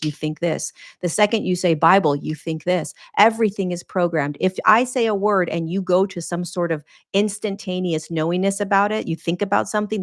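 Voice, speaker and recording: A woman hosting her own podcast, speaking as a spiritual teacher in an earnest, emphatic monologue that repeats phrases for weight. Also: low-pitched. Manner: earnest, repetitive, emphatic, preaching cadence.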